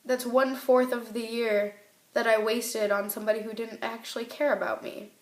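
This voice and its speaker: A woman's voice: on the high side, level tone, normal speed, echoey room. A teenage girl vlogging tearfully about a breakup, rambling and emotional, with her voice rising and breaking. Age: teens. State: tearful, crying. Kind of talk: tearful personal vlog.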